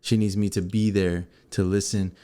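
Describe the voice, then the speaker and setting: A man with a slightly low voice co-hosts a relaxed talk show. He tells a personal story straight to the viewers and acts out every scene as he goes. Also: normal speed. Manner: animated, acts out scenes and quotes. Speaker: co-host.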